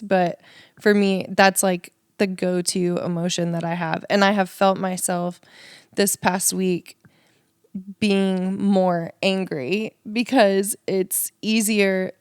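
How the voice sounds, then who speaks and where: Smooth-voiced woman telling a candid story. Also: medium pitch, dry recording, studio quality. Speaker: podcast co-host. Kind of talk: faith podcast conversation.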